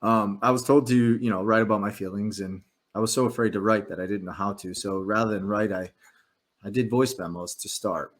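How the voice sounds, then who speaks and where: A man's voice: on the low side, steady tone, fairly quick. A man who is an author and podcast guest, speaking earnestly and openly about hard personal times. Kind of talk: personal story in an interview.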